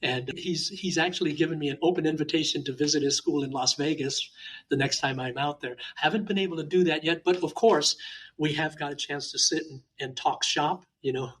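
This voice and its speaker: A man from Hawaii, a martial arts teacher, chatting in an interview and telling lively anecdotes with frequent uh fillers. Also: on the high side, a little fast, slightly rough, low-quality recording. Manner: animated, talkative anecdotes with many uh fillers. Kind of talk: casual interview storytelling.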